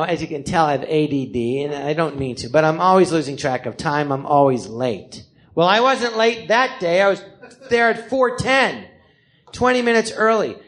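A man in his fifties from California, telling a live story on a theater stage with lots of swearing, acting out the people he quotes. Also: high voice. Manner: animated, profane, acts out the people he quotes.

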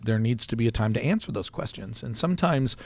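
A man hosts a church podcast in a relaxed, rambling way, circling back and restarting his thoughts. His mid-pitched voice has a gravelly edge to it. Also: fast talker. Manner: rambling, chatty, many fillers and restarts, laughs easily. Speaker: podcast host and church pastor. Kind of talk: casual podcast conversation. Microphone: studio mic.

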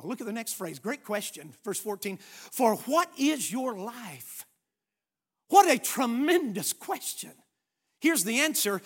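A man delivers a sermon, and his voice sits unusually high. He preaches emphatically, swinging from hushed, quiet passages to loud, ringing ones as he reads scripture and tells stories. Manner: dramatic storytelling, emphatic, shifts between hushed and loud.

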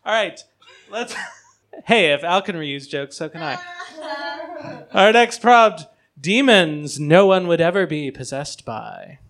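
A man with a fairly high voice hosts a comedy improv panel. He is upbeat, reads out each prompt and laughs along with the players. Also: lively intonation, slow pace, a bit bright. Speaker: game show host.

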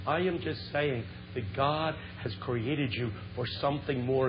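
A man in his fifties giving a humorous, impassioned sermon, swinging from shouts to hushed lows. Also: a little slow, few pauses. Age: 50s. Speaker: Christian speaker. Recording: muffled lo-fi with background hiss.

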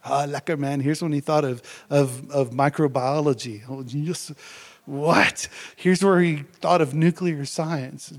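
Man preaching with rising excitement. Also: on the high side, measured pace. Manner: energetic, conversational, keeps asking "right?". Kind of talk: sermon.

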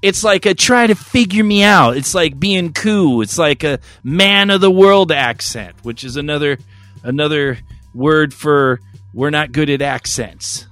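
A man's voice: a little high, unhurried, a bit bright, no room sound, soft background music. A man hosting a podcast, talking candidly and casually, with frequent swearing and laughter. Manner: candid, profane, laughs often. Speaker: podcast host. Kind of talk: casual chat.

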